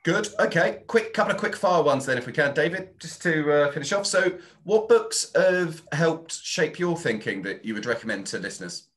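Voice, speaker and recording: A man's voice: on the high side, expressive, moderate pace, hardly any pauses, fairly bright tone. A man hosting an interview podcast, affirming his guest in an upbeat way. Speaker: podcast host.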